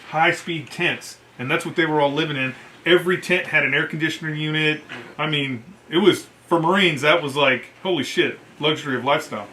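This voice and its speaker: A man's voice: fairly high pitch, bright, forceful tone, slight background noise. A man, a Marine veteran, telling a casual war story in a salty, profane, self-interrupting way.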